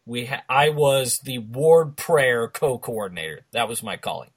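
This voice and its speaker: A man's voice: medium pitch, unhurried, breathy edge. A man in his forties, co-hosting a podcast in teasing, joking banter. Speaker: podcast co-host. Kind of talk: casual chat.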